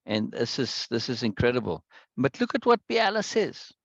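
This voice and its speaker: A man's voice: medium pitch, sing-song, moderate pace, gravelly, dry recording, dull audio. A man leading a book discussion, explaining passages aloud and often stopping to ask "right?", with restarts and repeated words.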